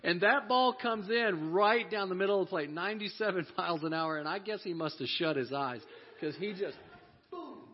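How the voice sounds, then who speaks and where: A man with a husky, slightly high voice tells a personal story with plenty of energy. He laughs often and acts out each person he quotes. The audio is dull and lo-fi. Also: normal speed. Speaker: speaker telling a story to a church audience.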